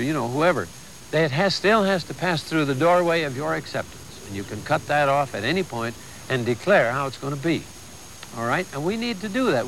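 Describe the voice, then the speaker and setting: A man's voice: fairly high pitch, fairly bright tone, a little hiss or hum, low-quality recording. An older man giving a conversational, folksy sermon with humor and asides.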